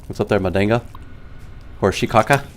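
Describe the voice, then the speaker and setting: A man's voice: on the low side, brisk, a little hiss or hum. A man from California chatting casually over gameplay, rambling and quoting movies. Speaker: gaming streamer.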